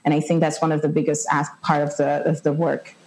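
Low, warm-voiced woman on a panel. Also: flat delivery, fast, rough recording. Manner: thoughtful, frequent "like" fillers. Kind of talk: reflective panel discussion.

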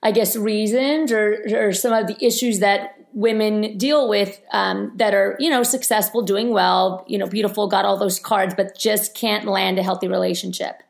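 A woman's voice: mid-range voice, fairly even intonation, moderate pace, vocal fry, few pauses. A woman interviewing a guest, asking long conversational questions with many fillers.

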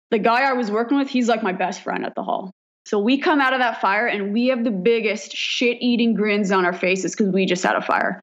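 A woman firefighter from Canada telling stories in a casual interview, frank and quick to laugh, swearing freely. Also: mid-range voice. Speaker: firefighter guest. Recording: dull lo-fi recording.

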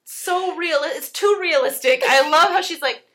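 A woman's voice: extremely high pitch, moderate pace, fairly bright tone. A woman in casual chat about a film, enthusiastic and laughing as she retells favorite scenes.

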